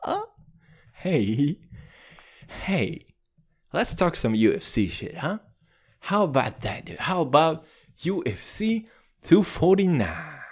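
A man from Russia delivering a rambling, profane comedic rant, riffing on tangents and calling the listener dude. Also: fairly high pitch. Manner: animated, calls the listener dude.

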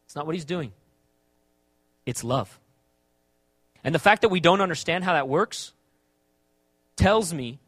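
A man with a notably high voice delivers a sermon as a pastor. He leans on rhetorical questions, dropping low and quiet, then rising into forceful emphasis. The sound is dry, with almost no room around it. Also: no room sound. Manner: rhetorical questions, swings between soft and emphatic.

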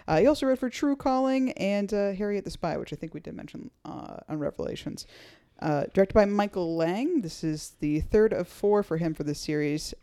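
A woman hosting a casual fan podcast, talking in a lively, chatty, self-mocking way. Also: mid-range voice, moderate pace. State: highly caffeinated. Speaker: podcast host.

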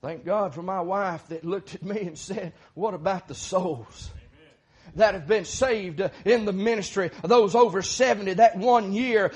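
A middle-aged man preaching a sermon, moving from quiet talk to fervent shouting. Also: high voice, normal speed, slightly rough.

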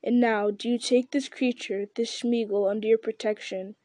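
A woman voicing a stern, just male captain who speaks in a measured, formal way. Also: a little high, steady tone, dark tone, no echo, close to an everyday voice.

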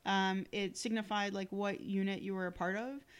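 A woman's voice: medium pitch, steady tone, moderate pace, clear, resonant tone. A woman appearing as a podcast guest in casual chat. She explains things in a friendly way and laughs easily. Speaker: podcast guest, veteran filmmaker.

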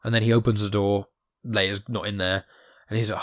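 A man's voice: fairly low pitch, fairly even intonation, a little fast, dry recording, studio quality. Chatty man recapping comics. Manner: chatty, laughs at the story, paraphrases quotes loosely. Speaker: podcast host recapping comics. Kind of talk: casual recap.

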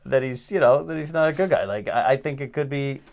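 A man hosting a podcast in casual chat, joking and animated, with plenty of fillers. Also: medium pitch, fairly quick, gravelly. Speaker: podcast host.

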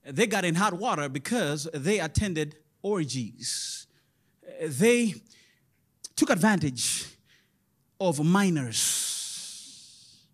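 A male pastor delivering a lively sermon, sing-song and chuckling often, calling out to the congregation. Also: fairly high pitch, extremely slow, long pauses, husky.

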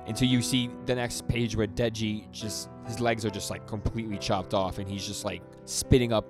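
A man's voice: lowish voice, little pitch movement, moderate pace. A young man co-hosting a podcast, recapping a manga in a rambling way with lots of stammered restarts and acted-out quotes. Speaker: podcast co-host. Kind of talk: casual chat recapping a manga. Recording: music playing underneath.

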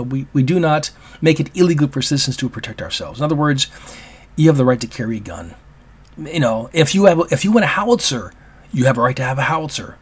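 A man hosting a solo opinion podcast, talking in a rambling, halting way with many restarts. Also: fairly high pitch, slightly rough. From Oregon, US. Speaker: podcast host.

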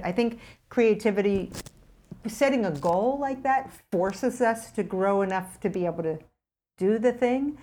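A middle-aged woman casually telling a personal story as a guest, acting out her own past thoughts with lively jumps in pitch. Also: a little slow.

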